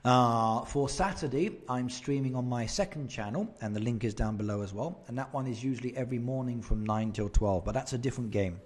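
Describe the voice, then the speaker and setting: A man's voice: mid-range voice, fairly quick, few pauses. A man chatting casually on a live game stream, answering viewer comments and laughing often into a desk microphone at home. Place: home streaming setup in Japan.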